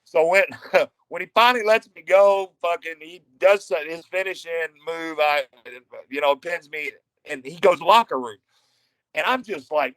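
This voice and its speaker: Dry-miked retired wrestler from Texas. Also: male voice, a little high, normal speed, dry recording, poor audio. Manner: profane, animated anecdotes. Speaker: retired pro wrestler, guest. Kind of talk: casual storytelling.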